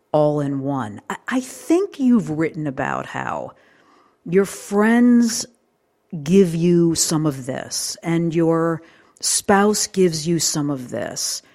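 A woman interview host introducing her show and framing questions for an author in a curious, measured way. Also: low voice, darkish tone. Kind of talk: interview hosting.

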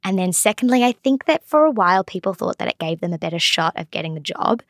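A woman's voice: medium pitch, big pitch swings, fast, dry recording, studio quality. A young Australian actress chatting as an interview guest, laughing often and restarting her sentences. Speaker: actor guest. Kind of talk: casual interview chat.

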